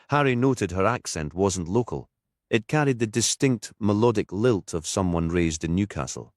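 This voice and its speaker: A man reading a crime novel aloud in steady, scripted audiobook narration. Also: fairly low pitch, normal speed, dry recording, studio quality.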